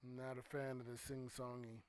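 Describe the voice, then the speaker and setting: A man hosting a relaxed livestream talk show who greets viewers and reads their comments, talking loosely with plenty of "you know" and "um". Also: mid-range voice, normal speed, dry recording. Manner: relaxed and conversational, with frequent "you know" and "um", trailing off quietly. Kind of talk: casual chat, reading and answering viewer comments.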